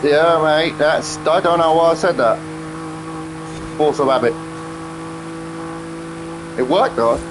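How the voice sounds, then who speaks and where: A man's voice: fairly high pitch, slow pace, pauses often, background noise. A man, chatting casually on a live game stream, swearing and easily irritated. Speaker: gaming streamer.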